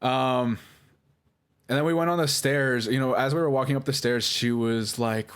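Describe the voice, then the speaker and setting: A young man telling his side of a story in a halting, emotional monologue, swearing and correcting himself as he goes. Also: mid-range voice. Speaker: vlogger responding to accusations.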